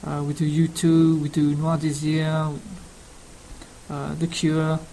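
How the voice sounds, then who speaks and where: A man's voice: a little high, completely flat delivery, takes it slowly, dark tone, slight background noise, rough recording. A man with a Cockney London accent introducing himself casually, rambling with many ums and uhs. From England. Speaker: language learning speaker.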